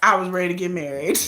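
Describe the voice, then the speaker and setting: A woman's voice: a little high, reverberant, very noisy. A woman hosting a casual livestream, gushing and laughing as she acts out quotes. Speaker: livestream host.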